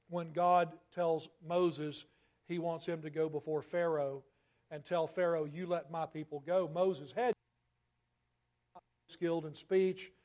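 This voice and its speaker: A man preaching a sermon, asking rhetorical questions and slowing down to stress key phrases. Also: fairly high pitch, a little mellow.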